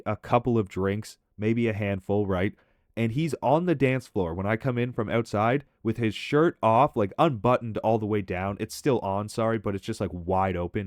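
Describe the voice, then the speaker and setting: A man's voice: mid-range voice, dry recording. Young man telling a wild story, dry mic. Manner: animated, swearing, acts out his own reactions. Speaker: storytelling commentary host. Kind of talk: casual storytelling over gameplay.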